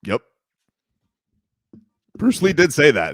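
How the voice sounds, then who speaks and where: A man's voice: lowish voice, lively intonation, fairly bright tone, no room sound, clean studio sound. A man co-hosting a sports radio show, bantering casually with jokey asides. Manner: jokey, riffing, quick asides.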